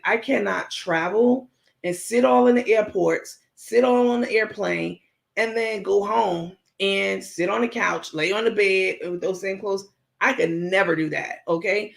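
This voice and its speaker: A woman hosts a laid-back livestream from home, reading out viewer comments and answering each one frankly. Her voice has a gravelly fry in it, and she addresses her audience directly in a chatty, unfiltered way. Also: on the low side. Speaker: livestream host.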